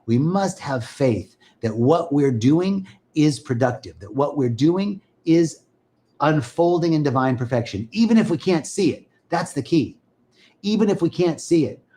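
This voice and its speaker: A man's voice: on the high side, expressive, measured pace, dark tone. A man hosting a spiritual live stream, talking casually and enthusiastically to viewers and greeting them by name.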